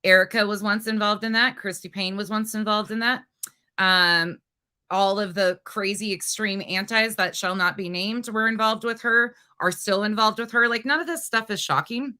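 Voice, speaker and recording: A woman's voice: medium pitch, fairly even intonation, normal speed, pushed and bright, smooth. A woman hosting a livestream, ranting angrily and profanely at a rival and taunting her. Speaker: livestream host. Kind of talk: heated livestream rant.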